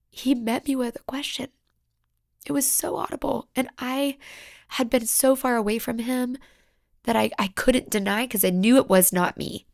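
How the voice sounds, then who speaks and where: A woman with a fairly high, gravelly voice talks slowly and confessionally on her solo podcast. Her delivery is raw and halting and sometimes sinks to a whisper. The sound is close and dry. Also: no echo. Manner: emotional, halting, drops into whispers. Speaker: podcast host.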